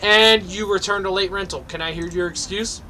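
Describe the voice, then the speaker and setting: A man's voice: high voice, steady tone, moderate pace, a crowd in the background. A young man giving sweary, mock-angry let's play commentary. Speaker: gaming video host.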